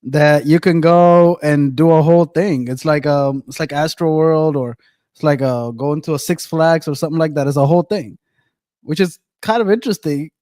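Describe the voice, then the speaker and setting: Male co-host, bit high-pitched, loose and jokey, dry close mic. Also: normal speed, mellow, no room sound. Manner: laid-back, joking, slangy. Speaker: podcast host. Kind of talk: casual chat.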